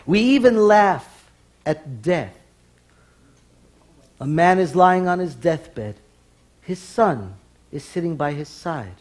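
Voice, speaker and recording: A man's voice: fairly high pitch, expressive, slow, pauses often, a little mellow. A man performing live stage comedy in a TV studio, telling jokes with careful punchline timing.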